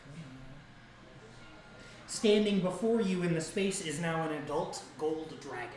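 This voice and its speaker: A man's voice: a little high, lively intonation, measured pace, darkish tone, distant mic. A man running a tabletop game as dungeon master, reading descriptive passages and then talking loosely with the players. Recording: echoey room.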